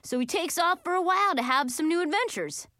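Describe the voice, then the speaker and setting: Easygoing adult uncle, matter-of-fact and lively, voiced by a woman narrator. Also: extremely high pitch, a little fast, no echo, clean studio sound, pitched above the performer's own voice, heavily acted. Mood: explaining. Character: laid-back easygoing uncle, adult man.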